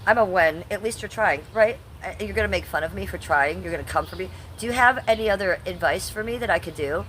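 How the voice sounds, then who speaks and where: A woman's voice: mid-range voice, fast talker, a bit bright, a little hiss or hum. A woman in her fifties live streaming casually, reading her chat aloud and answering it bluntly, swearing at hecklers. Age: 50s. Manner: blunt, combative, swears at chatters.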